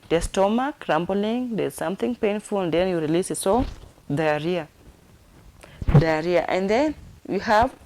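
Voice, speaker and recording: A woman's voice: fairly low pitch, poor audio. A woman teaching a sign language lesson, repeating each word and spelling it out letter by letter. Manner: slow, repetitive, spelling out words letter by letter; warm, affectionate sign-off to viewers.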